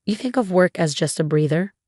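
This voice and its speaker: Woman reading as a cold bossy husband, lowish voice, flat delivery. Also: fairly quick, no echo, clean studio sound. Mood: cold, demanding. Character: cold controlling husband, adult man.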